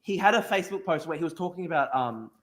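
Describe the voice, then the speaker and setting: A young Australian man hosting a podcast, telling a story in casual chat with lots of restarts and swearing. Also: a little high. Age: young adult. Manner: rapid, animated, with frequent restarts and swearing. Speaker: podcast host.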